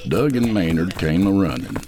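A male audiobook narrator with a low, deep voice that still moves with lively, expressive pitch. He reads with steady storytelling drive, over a faint background hiss. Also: moderate pace. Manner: expressive storytelling, voicing all characters. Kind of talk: scripted narration.

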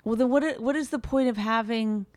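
A woman co-hosting a comedy podcast, bickering and laughing with quick comebacks in a low voice she says can sound like a man's. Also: darkish tone, no echo, clean studio sound. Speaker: podcast co-host. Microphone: studio microphone.

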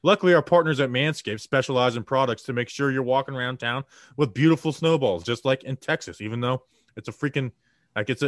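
A man's voice: medium pitch, no room sound, studio quality. A young man on a podcast, loosely reading an ad with joking, rambling asides. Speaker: co-host reading an ad. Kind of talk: casual podcast ad read.

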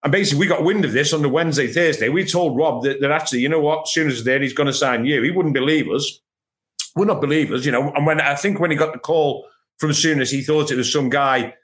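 Panel guest: a man with a slightly high voice, chatty and animated, trips over his restarts while spinning football anecdotes from home. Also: fast talker. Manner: animated storyteller, repeats words as he restarts. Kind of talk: casual panel chat, telling anecdotes. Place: at home, remote.

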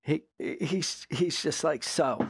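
This ex-drug agent's high-pitched voice moves at a moderate pace in a dry, studio-quality recording. In a casual interview, he spins a profane, animated story, repeatedly checking in with "right?"

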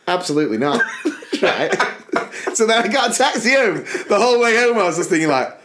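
A man's voice: sits high, lively intonation, fairly quick, a bit bright. A British man co-hosting a podcast, telling a long personal anecdote in casual chat and often breaking into laughter. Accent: British English. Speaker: podcast co-host.

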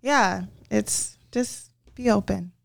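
Gravelly-voiced woman podcast co-host. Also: mid-range voice, slow pace, dry recording, studio quality. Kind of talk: casual chat.

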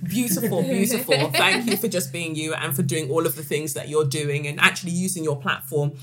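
A woman's voice: low voice, fairly quick, soft background music. A woman from England hosting a podcast, exuberant and teasing, chatting with guests. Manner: exuberant, teasing, loud bursts of laughter. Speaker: podcast host. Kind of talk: lively group chat with laughter. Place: room with a group of guests.

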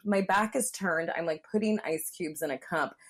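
A frank, chatty woman from Southern California tells a story as a podcast guest. She speaks bluntly and keeps slipping in "like," with a slightly low voice for a woman. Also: normal speed. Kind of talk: candid conversational storytelling.

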